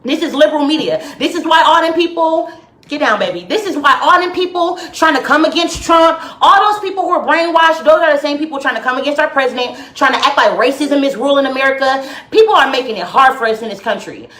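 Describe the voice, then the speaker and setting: A high, bright woman's voice delivers an indignant live-stream rant to viewers from home. She talks with heated emphasis and big leaps in pitch. The sound has an echoey room around it. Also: animated, fast talker. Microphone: phone or webcam live stream.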